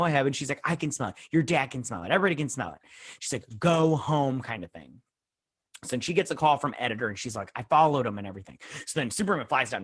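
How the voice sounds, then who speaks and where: A man's voice: mid-range voice, a bit bright. Male host, chatty and rambling, retelling a TV episode from his home room. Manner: rambling, with many fillers and self-corrections; acts out characters' lines in quick paraphrase. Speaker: YouTube show host reviewing a TV episode. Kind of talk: casual episode recap. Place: home room, adjusting his own lights.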